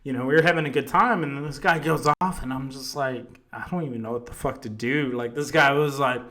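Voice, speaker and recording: Host type: tipsy guy, swears a lot, loose rambling storyteller, mid-pitched voice. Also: a little fast. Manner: swears constantly, rambling and animated. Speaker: podcast host. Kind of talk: casual storytelling chat.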